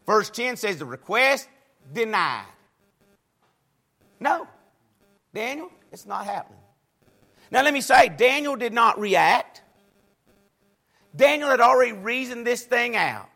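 A high-pitched man delivers a sermon with a bright, forceful edge. His voice carries a gravelly rasp. He rises to loud exclamations and then falls back to quiet asides. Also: sing-song, takes it slowly, pauses often. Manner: preaching cadence, swings between loud exclamations and quiet asides. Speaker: preacher.

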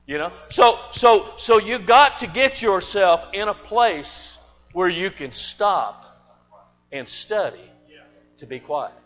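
A man preaching a sermon, telling a folksy story and swinging between loud bursts and hushed asides. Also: high-pitched, animated, slow. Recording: dull lo-fi church recording with long reverb and faint music.

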